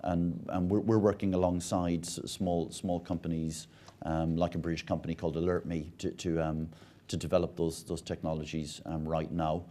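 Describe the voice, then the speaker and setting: A man's voice: deep voice, level tone, normal speed, mellow. An Irish man speaking on a conference panel, often stumbling and repeating words as he restarts his sentences. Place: conference stage.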